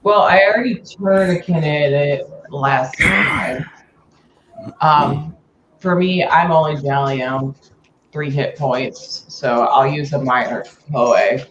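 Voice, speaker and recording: Tabletop player, very slow talker, muffled mic, faint hiss. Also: medium pitch. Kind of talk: casual tabletop play.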